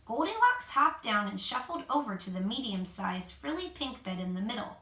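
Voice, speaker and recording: A mother reading a picture book aloud to her child at home, expressive, with gentle asides. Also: fairly high pitch, normal speed. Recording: echoey room, mic at a distance.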